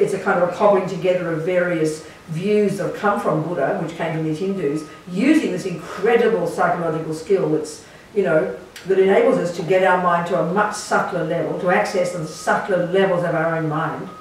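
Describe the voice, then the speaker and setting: Outspoken nun lecturing a retreat group, punchy and wry, captured from across a reverberant hall with faint hiss. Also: female voice, fairly low pitch, fairly quick. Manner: blunt, emphatic, sarcastic asides. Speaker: Buddhist nun teaching a retreat. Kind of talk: dharma talk to a retreat group. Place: meditation centre hall. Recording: echoey room from far off, faint hiss.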